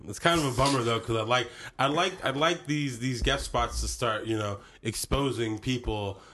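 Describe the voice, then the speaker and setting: A man's voice: medium pitch, moderate pace, pushed and bright. A man co-hosting a podcast in casual chat, rambling and repeating himself as he finds his words. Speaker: podcast co-host.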